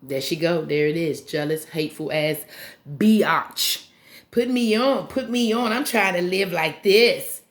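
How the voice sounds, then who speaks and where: A woman giving a casual, profane recap of a reality show, blunt and animated, often mimicking the cast members. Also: fairly low pitch, measured pace.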